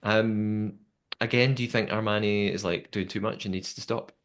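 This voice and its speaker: Chatty young man recapping, lowish voice. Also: moderate pace. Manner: chatty, lively storytelling with many fillers. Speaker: podcast host. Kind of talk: casual recap chat.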